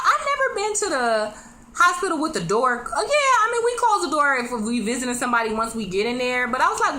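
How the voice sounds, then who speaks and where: A woman's voice: high-pitched, wildly swooping pitch, brisk, pushed and bright, a little hiss or hum. A woman giving a casual, chatty recap of a TV drama episode, talking straight to her viewers and acting out the characters' lines. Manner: chatty, conversational, acts out quoted lines. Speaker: TV show reviewer.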